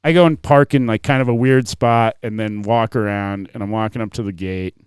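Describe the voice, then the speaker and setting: Podcast host, man, smooth voice, animated profane storyteller, dry close mic. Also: on the low side, fairly quick, no echo. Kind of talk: casual storytelling chat.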